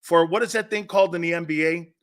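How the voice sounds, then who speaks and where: A middle-aged man hosting a sports talk show, ranting loudly and mocking rivals. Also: on the high side, steady tone, fast. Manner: loud, mocking, puts on voices and laughs often. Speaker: sports radio host. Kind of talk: animated sports talk rant.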